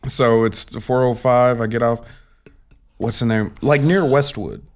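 A man's voice: mid-range voice, fairly even intonation, measured pace, creaky. A man in casual chat, animatedly telling a profane story.

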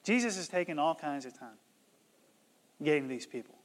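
A man preaching a sermon as pastor, emphatic and surging loud on key words, often stumbling and restarting his words. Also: a little high, animated, brisk, big-room sound.

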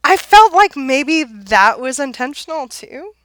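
A woman's voice: sits high, very animated, a little slow, fairly bright tone. A woman chatting casually as a podcast co-host, laughing often and trailing off into fillers while she tells stories. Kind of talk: casual chat.

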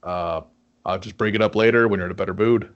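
A man's voice: fairly low pitch, fairly even intonation, fast, muffled recording, close to an everyday voice. A man voicing Slimer, a mopey green ghost. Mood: pleading. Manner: rambling, hesitant, full of "uh". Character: sad, dim green male ghost begging from hell. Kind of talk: comedic podcast bit.

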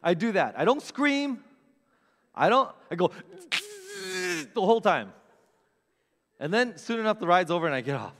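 A man's voice: high-pitched, big pitch swings, moderate pace, pauses often, fairly bright tone, long reverb tail, a little hiss or hum. A man in his thirties telling a funny personal story in a self-mocking way, acting out voices and sounds.

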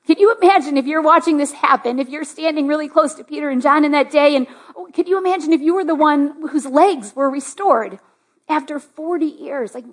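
High-voiced woman preaching chattily. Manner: chatty, lots of "like", rising to excited. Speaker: pastor. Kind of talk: sermon with personal story. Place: church sanctuary.

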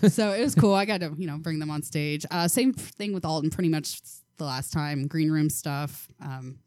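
A young woman with a slightly low voice tells anecdotes on a podcast, laughing often and filling pauses with lots of ums. The sound is close and dry, with very little room echo. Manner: animated storyteller, laughs often, many ums. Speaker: podcast guest. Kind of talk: casual chat.

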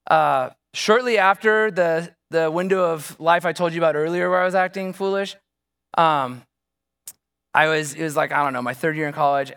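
A man's voice: fairly high pitch, fairly bright tone, clean tone. A man preaching as a pastor, telling a personal story in a conversational way and asking the congregation rhetorical questions. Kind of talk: sermon.

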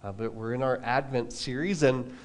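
A man preaching a relaxed sermon at a church service, telling a personal story with casual asides. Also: medium pitch, normal speed. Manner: casual, self-deprecating, lots of fillers and asides. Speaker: pastor.

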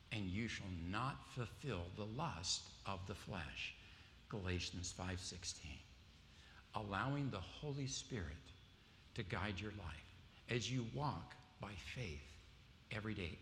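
A man's voice: on the low side, a bit bright, slight background noise. Man preaching in a reverberant hall. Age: adult with wife and kids. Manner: storytelling, quizzing the audience with questions. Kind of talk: sermon to a congregation. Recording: long hall reverb, faint ambience.

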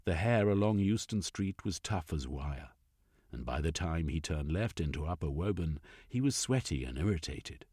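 Brief: deep, husky male storyteller, lively delivery, dry close sound, faint music behind. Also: normal speed, dry recording. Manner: expressive, varied. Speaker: narrator. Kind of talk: audiobook narration.

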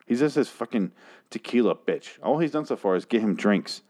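A man with a fairly low voice recaps a TV episode in a loose, rambling way. He is sarcastic and swears freely, tossing in asides and restarting sentences as he goes. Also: lively intonation, fairly quick, a little mellow. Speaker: show recap host. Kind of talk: casual profane TV recap.

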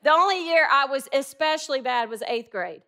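A middle-aged woman delivers a sermon with a bright, forward tone that sits a little high. She talks to the congregation like friends, mixing humor with emphatic preaching. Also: lively intonation, a little fast.

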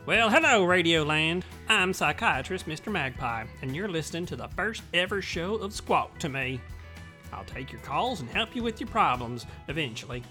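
A man's voice: on the high side, lively intonation, normal speed, bright, forceful tone, faint music behind. A man voicing a prim male magpie psychiatrist who hosts a radio show, often exasperated. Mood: fussy.

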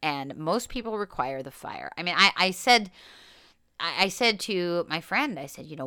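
A woman's voice: fairly low pitch, big pitch swings, normal speed, sharp tone. A woman hosting a solo podcast as a coach, talking candidly and animatedly, swearing casually.

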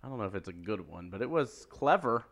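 A man's voice: lowish voice, expressive, fast talker, a bit bright. A man co-hosting a casual fan podcast, enthusiastic and rambling as he explains ideas. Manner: enthusiastic, rambling, restarts often. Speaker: podcast co-host.

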